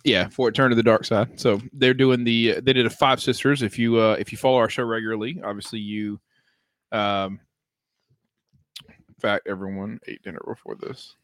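A man's voice: fairly low pitch, steady tone, normal speed, no room sound. A man hosting a casual livestream chat show, laughing often and rambling with fillers. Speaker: podcast host.

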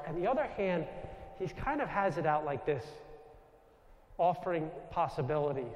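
A man's voice: high voice, darkish tone, echoey room, long reverb tail, highs cut off. A man with a New York accent, a Jesuit priest giving a conversational storytelling talk to a live audience. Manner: conversational, anecdotal, with self-corrections.

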